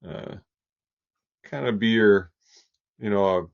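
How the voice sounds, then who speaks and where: A man voicing a humble, shy male stuntman who speaks haltingly, full of "uh" and "you know", on dull lo-fi audio. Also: fairly low pitch, gravelly. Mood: earnest.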